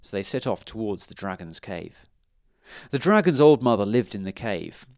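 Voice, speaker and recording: A man reading a children's storybook aloud in an expressive, animated way. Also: lowish voice, moderate pace, no room sound, studio quality. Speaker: reader.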